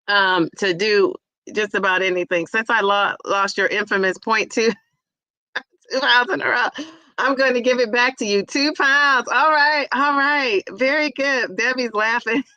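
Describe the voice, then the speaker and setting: Woman, middle-aged, livestream host, chatty, laughs often, bright tone, dry close sound. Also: on the high side, steady tone, measured pace, dry recording. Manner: chatty, laughs often, greets viewers warmly by name. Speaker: livestream host reading chat. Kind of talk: casual live chat.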